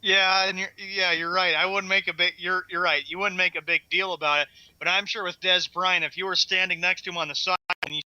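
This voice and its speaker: A man's voice: sits high, flat delivery, a little fast, hardly any pauses, pushed and bright, clean tone, no room sound. A man co-hosting sports talk radio, easygoing and agreeable, going along with the host. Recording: dull lo-fi line.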